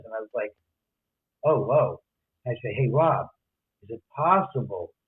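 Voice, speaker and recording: A man's voice: medium pitch, breathy edge. A man telling a story in a podcast interview, acting out the quoted dialogue with many restarts and asides. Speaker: guest, homeowner and author. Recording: tinny phone-line audio.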